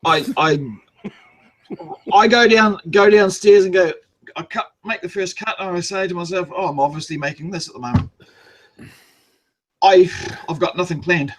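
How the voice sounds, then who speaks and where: A man's voice: high voice, normal speed, pauses often. A man with a New Zealand accent, a guest chatting casually and rambling through stories. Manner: rambling, self-deprecating storyteller. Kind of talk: casual podcast chat.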